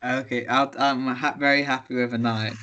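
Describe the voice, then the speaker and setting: A man's voice: mid-range voice, fairly even intonation, moderate pace, bright, forceful tone, highs cut off. A young man co-hosting a casual podcast chat, talking in a thoughtful, easygoing way. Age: young adult. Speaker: podcast co-host.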